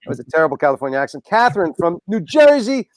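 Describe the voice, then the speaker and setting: A man's voice: fairly high pitch, big pitch swings, racing, no echo. A man on a video call reading out a list of donations with playful asides. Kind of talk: casual chat on a video call.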